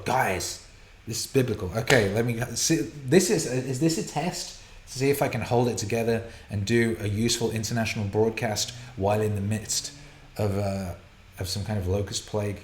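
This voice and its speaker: A man hosting a live viewer Q&A broadcast from a home studio, excitable and profane, laughing and rambling as he reads out questions. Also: on the low side, normal speed, echoey room. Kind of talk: casual live-stream chat, reading viewer questions.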